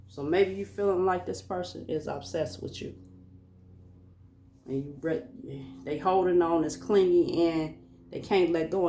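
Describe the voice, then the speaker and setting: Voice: mid-range voice, darkish tone, recorded from a distance, a little hiss or hum. Informal tarot reader in an echoey room. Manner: musing, informal, talks to a collective audience. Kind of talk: casual spoken tarot reading. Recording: echoey room, voice away from mic.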